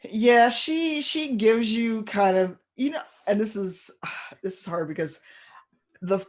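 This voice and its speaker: A game master narrating a tabletop role-playing game with animated storytelling and playful asides. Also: mid-range voice, slow pace.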